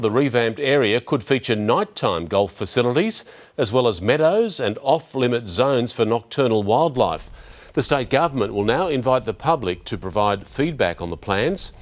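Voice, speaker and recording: A man reading the evening news as anchor, measured and steady. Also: mid-range voice.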